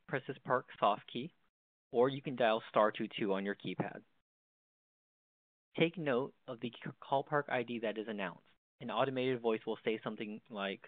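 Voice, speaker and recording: In this instructional walkthrough, a male presenter at medium pitch covers a desk phone's basic features one step after another in a plain tone. No echo is present; the audio is dry and phone-narrow.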